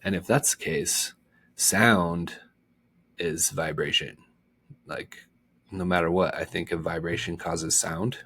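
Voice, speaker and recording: A man's voice: low voice, steady tone, slow, pauses often, a bit bright, husky. A man who hosts a reading channel, chatting casually after a chapter in a rambling, joking, self-mocking way. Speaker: book reader and channel host. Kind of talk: casual chat after a read-aloud chapter.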